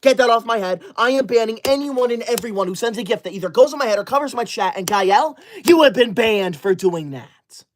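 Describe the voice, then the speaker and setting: A man's voice: very high voice, lively intonation, fairly quick, hardly any pauses. A man in his twenties hosting a livestream, reading chat comments and scolding viewers like a strict teacher. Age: 20s. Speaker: livestream host.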